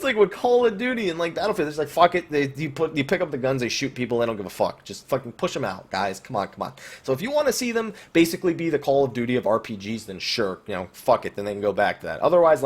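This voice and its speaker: A man hosting a casual viewer Q&A about online games, blunt and swearing freely. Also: a little high. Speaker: YouTube host answering viewer questions.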